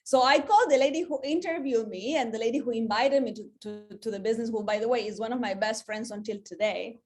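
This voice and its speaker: A woman's voice: on the high side, fast. A woman in her forties, a sales manager, telling her own story in an earnest, emotional motivational talk, saying "like" a lot. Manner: emotional, earnest, says "like" often.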